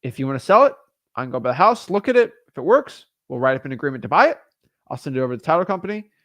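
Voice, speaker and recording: A young man coaching on real estate deals in loose, casual talk, his voice rising a little high and swinging widely as he gets exasperated. He keeps slipping into quick impressions of the people he argues with. The sound is dry and close, with no room around it. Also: dry recording. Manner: animated, exasperated, acts out sellers and attorneys in quick asides. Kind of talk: casual teaching monologue.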